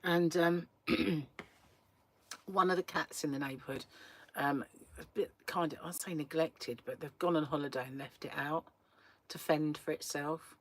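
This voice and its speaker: A woman's voice: low-pitched, steady tone, a little slow, long pauses. A woman, hosting a casual live stream, telling a chatty story and laughing often. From England. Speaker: crochet livestream host.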